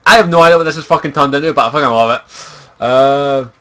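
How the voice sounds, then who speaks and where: A man's voice: medium pitch, fast talker, bright, forceful tone. A young man from Scotland, a streamer chatting casually in a profane, giggly, rambling way. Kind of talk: casual livestream chat.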